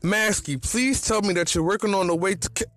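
A man's voice: sits high, brisk, fairly bright tone, slight background noise, pitched above the performer's own voice. A man voicing a commanding, impatient faceless male monster leader in a read-aloud fan story. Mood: stern. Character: tall faceless male monster boss, stern.

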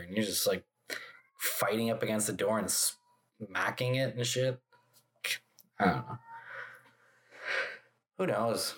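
A man's voice: medium pitch, measured pace, pauses often, fairly bright tone. A young man rambling casually to the camera, full of fillers, sighs and swearing. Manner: rambling, filler-heavy, profane, sighing. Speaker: vlogger.

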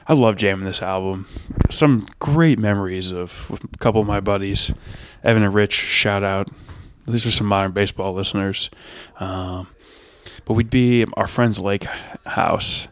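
A man's voice: on the low side, clean tone, no echo. A man hosting his own podcast, talking alone about bands he loves in a rambling, enthusiastic way with many fillers. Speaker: podcast host. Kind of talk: solo podcast music review.

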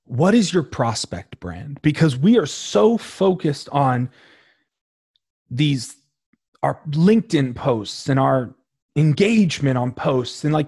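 A young man hosting his own podcast, talking casually and emphatically with a slangy, animated delivery. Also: a little high, slow, vocal fry, husky, no echo, studio quality. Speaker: podcast host. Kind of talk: casual solo podcast talk.

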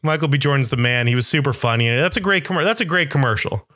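A man's voice: mid-range voice, fast, pushed and bright, no room sound, studio quality. A young man in a casual comedic monologue, rambling and self-deprecating as he riffs into absurd bits.

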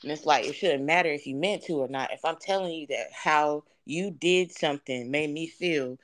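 A young woman shares her experience on a podcast in an earnest, reflective way, often pausing on fillers. Her voice comes through smooth and clear. She speaks at an unhurried, conversational pace. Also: sits low. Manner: earnest, reflective, drawn-out phrasing with many fillers. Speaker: podcast guest. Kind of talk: candid conversational storytelling.

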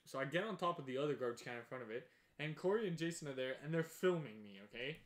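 A man telling a wild story in casual chat, animated, swearing and laughing as he goes. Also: a little high, fast. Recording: echoey room.

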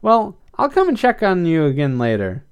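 A man's voice: on the high side, huge pitch swings, normal speed, clean tone, pitched above the performer's own voice. A man voicing an upbeat, encouraging teenage girl in a read-aloud story. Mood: thoughtful. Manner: reassuring, bright, upbeat.

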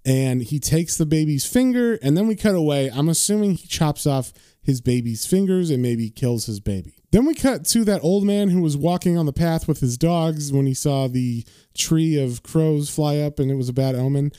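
A man's voice: a little high, animated, moderate pace, hardly any pauses, mellow, clean tone, dry recording, studio quality. A man casually recapping and reading a comic book issue as a podcast host. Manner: casual, with fillers and laughs.

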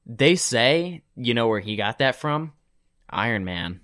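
A man's voice: medium pitch, big pitch swings, measured pace, a bit bright, dry recording, studio quality. A man co-hosting a movie podcast in casual chat, enthusiastic and blunt. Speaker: podcast co-host.

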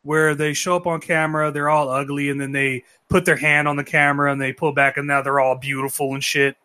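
A man's voice: on the high side, little pitch movement, fairly quick, bright, forceful tone. A man in a casual panel chat, joking and swearing freely. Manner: joking, profane, puts on mocking voices. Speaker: panel guest.

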